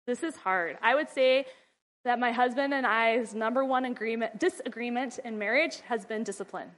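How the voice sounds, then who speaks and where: A woman's voice: on the high side, normal speed, fairly bright tone. A woman teaching mothers in a casual talk, chatty and laughing often as she acts out little scenes.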